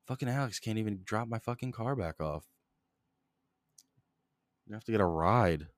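A man's voice: fairly low pitch, lively intonation, moderate pace. A young man hosting a solo podcast, talking in a rambling, profane, exasperated way. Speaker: podcast host. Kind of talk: solo casual rant.

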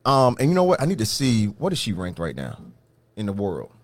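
Lively-voiced man co-hosting a podcast. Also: lowish voice, a little fast, dry recording. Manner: lively, questioning, laughs easily. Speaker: podcast co-host. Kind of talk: casual chat.

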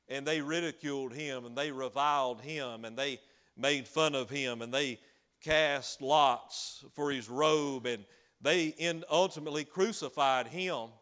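A man preaching a sermon, swinging from loud, drawn-out cries to low, quick asides.

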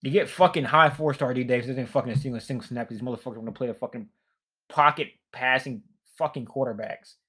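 A man's voice: medium pitch, fast, pushed and bright, breathy edge. A young man rambling in a tired, frustrated, profane rant, worn out and fatigued. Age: young adult. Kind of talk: casual rant.

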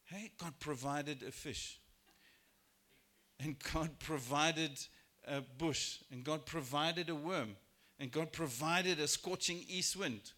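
A man preaching a sermon in church, lively and expressive, acting out biblical characters in raised voices. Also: measured pace. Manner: animated, acts out quoted voices with rising pitch and volume. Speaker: pastor. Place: church sanctuary.

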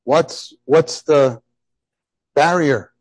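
A middle-aged man preaching a sermon, animated and emphatic, often repeating his phrases. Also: a little high, drawn-out words, dry recording. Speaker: pastor.

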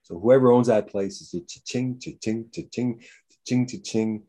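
A man talking loosely and profanely, spinning long anecdotes in an everyday, mid-pitched voice. His talk wanders and doubles back, and he breaks into high mocking impressions of other people. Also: normal speed. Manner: profane, rambling, animated storytelling with jumps into high mocking voices. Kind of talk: casual storytelling chat.

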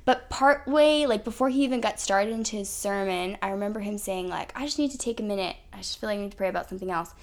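A woman's voice: medium pitch, fast talker, few pauses. A woman hosting a podcast, telling a personal story in a chatty way full of "like" and "um". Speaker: podcast host. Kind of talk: casual storytelling.

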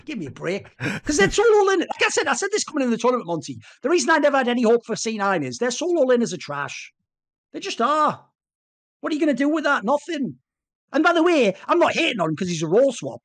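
A man giving casual esports podcast banter as an analyst, ranting in an animated way and swearing often. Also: very high-pitched, quick pace.

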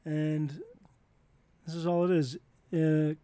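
A young man chats on a podcast in a relaxed, storytelling way and swears easily. His voice sits a little high. It is recorded close and dry. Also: measured pace, dry recording. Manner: laid-back storyteller, swears casually. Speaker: podcast co-host. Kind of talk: casual podcast chat.

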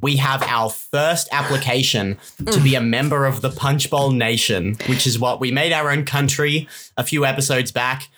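A man's voice: mid-range voice, steady tone, normal speed, a bit bright, a little hiss or hum. A male podcast host in easygoing banter with his co-hosts. His voice sits in a mid range, and he teases and laughs readily. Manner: playful, jokey, laughs often. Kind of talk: casual comedic chat.

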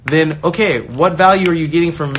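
A man's voice: fairly high pitch, fairly quick, slight background noise. A man, a soccer coach, giving a casual motivational talk with lots of energy, restarting sentences and acting out the voices of others. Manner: energetic, acts out quoted voices, rambling restarts. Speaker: soccer coach and online creator.

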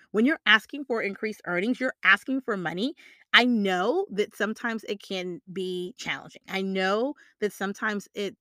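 A woman's voice: mid-range voice, pushed and bright, no echo, clean studio sound. A woman coaching on salary negotiation in a motivational, emphatic way. She repeats her key points and keeps checking in with the listener. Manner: emphatic, repeats key phrases, frequent tag questions. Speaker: career coach.

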